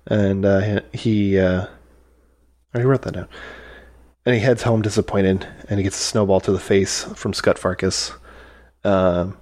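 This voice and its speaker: A podcast co-host chats casually about a movie, rambling along with lots of fillers and acted-out quotes. His voice is deep and a bit dark, delivered flatly and a little slowly.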